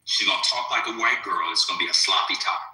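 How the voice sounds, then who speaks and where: A man arguing in a crude, casual live-stream debate, provocative and animated. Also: low-pitched, fast talker, echoey room, poor audio. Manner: animated, provocative, swings loud to soft.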